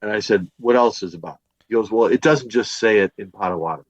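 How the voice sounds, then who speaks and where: Appearing on a podcast interview, a Northwest Indiana teacher who investigates the paranormal rambles through a lengthy ghost-hunting tale, full of fillers and false starts. He sounds a bit worn after a day of teaching, speaking quickly in a lowish voice, and the recording is muffled.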